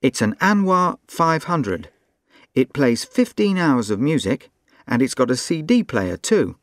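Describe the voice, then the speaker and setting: A man's voice: medium pitch, big pitch swings, measured pace, no echo. A man acting as a polite, helpful shop assistant and reporter in a scripted textbook dialogue.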